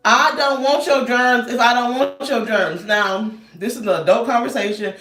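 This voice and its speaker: A woman in her thirties telling a story in a loud, animated rant and laughing often. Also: a little high, moderate pace, faint music behind. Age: 30s. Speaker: vlogger. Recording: roomy echo, distant mic.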